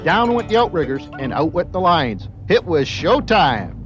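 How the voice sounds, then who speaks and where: A man's voice: on the high side, very animated, moderate pace, rough recording. A man narrating a fishing documentary in a scripted, suspense-building way. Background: background music.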